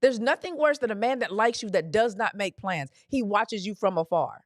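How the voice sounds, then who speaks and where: A woman's voice: medium pitch, expressive, moderate pace, no echo, clean studio sound. A woman hosting a live call-in advice podcast, talking in a sassy, direct coaching way and calling listeners honey and darling. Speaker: podcast host.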